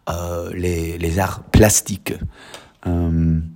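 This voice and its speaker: A man's voice: deep voice, flat delivery, unhurried, darkish tone. A man who teaches French, explaining his methods in a chatty, enthusiastic way and reading French example sentences aloud. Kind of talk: casual explanation to camera.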